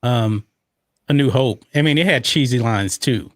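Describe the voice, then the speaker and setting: A man's voice: medium pitch, moderate pace, a bit bright, no room sound. Host, male, casual movie watch-along talk, dry close mic. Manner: chatty, reads out viewer comments. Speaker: podcast host.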